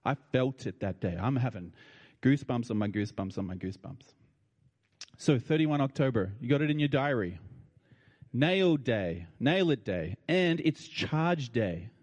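Older man, Australian accent, emotional storytelling, colloquial, mid-pitched, long hall reverb. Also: lively intonation, a little slow, darkish tone. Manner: colloquial and heartfelt, with feeling in his voice. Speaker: speaker addressing an audience.

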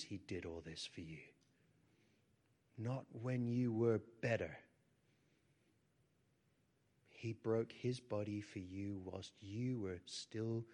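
A pastor leading healing prayer, speaking softly and often sinking into a whisper, then rising into firm declarations. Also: male voice, lowish voice. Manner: soft prayerful delivery, often dropping to a whisper; rises to forceful declarations. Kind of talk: prayer ministry sermon.

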